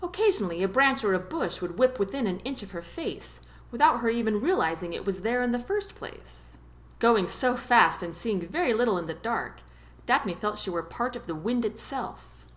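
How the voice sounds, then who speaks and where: A woman narrating a romance novel as an audiobook, with expressive storytelling. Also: a little high, moderate pace. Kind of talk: scripted narration.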